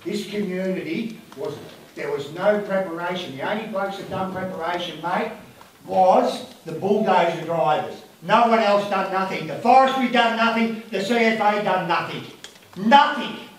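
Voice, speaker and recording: At a community meeting in a hall, an emotional Australian man who lives locally airs his complaints bluntly and angrily, swearing as he goes. His voice is high and his speed normal, captured from a distance in a very echoey space with faint noise.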